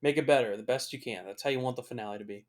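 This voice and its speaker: A man's voice: mid-range voice, very fast. A young man talking through a film as a casual watch-along commentary, swearing freely and reacting with open emotion. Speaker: movie reviewer.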